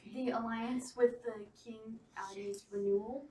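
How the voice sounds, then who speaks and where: A woman playing a tabletop game, chatty and quick to laugh, recorded roomy from a distance. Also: on the high side, fairly even intonation, dark tone. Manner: chatty, giggly. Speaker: player. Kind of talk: casual play at a tabletop game. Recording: roomy, distant mic, faint hiss.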